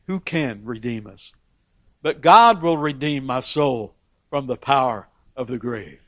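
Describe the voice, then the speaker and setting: A man's voice: a little high, fairly bright tone, no room sound. A man preaching a sermon with emphatic rises on key phrases and frequent repeated words as he restarts. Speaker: pastor.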